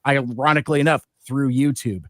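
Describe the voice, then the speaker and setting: This podcast host rambles through casual live-stream chat, full of fillers and restarts, a little fast. His mid-range voice has fairly even intonation and a fairly bright tone, recorded at studio quality with no room sound.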